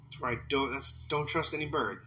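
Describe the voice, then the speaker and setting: A man's voice: medium pitch, fairly quick, bright, forceful tone, a little hiss or hum. A man co-hosting a podcast, joking around in casual chat and swearing freely. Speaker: podcast co-host.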